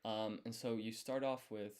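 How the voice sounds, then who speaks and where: A man's voice: fairly low pitch, fairly even intonation, normal speed, darkish tone. A man thinking aloud as he studies, explaining each step and quizzing himself under his breath. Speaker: language learner streaming his study. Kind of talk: thinking aloud while studying.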